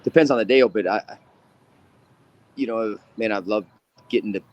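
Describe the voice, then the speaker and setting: A man's voice: lowish voice, moderate pace, darkish tone, dull audio, slight background noise. A man who coaches college wrestling, answering interview questions in a laid-back, joking way. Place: room at a wrestling facility.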